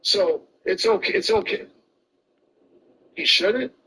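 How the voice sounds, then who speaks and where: A man's voice: high-pitched, slow, pushed and bright, breathy edge. A man arguing heatedly in a debate, pressing and repeating his questions. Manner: argumentative, repeats questions insistently. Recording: distant voice with faint background noise.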